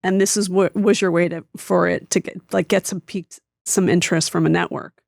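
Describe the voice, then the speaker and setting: A woman's voice: lowish voice, steady tone, brisk, gravelly, a little mellow, no echo, studio quality. A woman guest on a gossip podcast who chats casually and gives blunt, opinionated takes.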